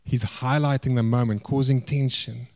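A man preaching a sermon, swinging between raised, emphatic lines and quiet, hushed asides. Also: mid-range voice, fairly even intonation, moderate pace.

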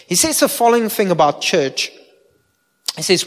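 A man's voice: high-pitched, big pitch swings, moderate pace, fairly bright tone. A man, a pastor giving an informal sermon and asking his listeners direct questions. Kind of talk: conversational sermon. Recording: long hall reverb.

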